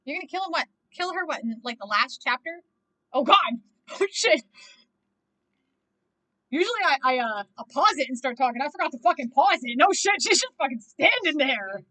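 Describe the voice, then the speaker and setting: High, bright-voiced swearing woman. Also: quick pace, hardly any pauses, poor audio. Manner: animated, swears constantly, exclaims and laughs. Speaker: movie reaction vlogger. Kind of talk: casual reaction commentary.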